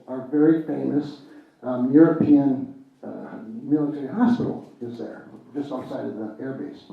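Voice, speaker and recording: A man's voice: medium pitch, creaky. A man giving a speech at a political convention, telling a story with fillers and restarts. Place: convention hall. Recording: echoey hall, distant, tinny lo-fi.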